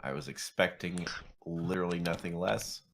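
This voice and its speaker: A man's voice: deep voice, fairly even intonation, moderate pace, slight background noise. A man talking in character as a tabletop roleplaying player, with a dry, wry manner.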